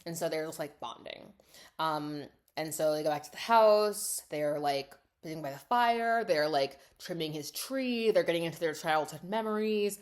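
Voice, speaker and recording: A woman's voice: low voice, normal speed. A young woman telling a movie plot in a chatty, sarcastic way, full of "like" and "obviously," acting out the characters' lines. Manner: chatty, sarcastic, heavy "like" and "obviously", acts out quotes. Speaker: writer and coach recapping a movie. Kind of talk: casual storytelling recap.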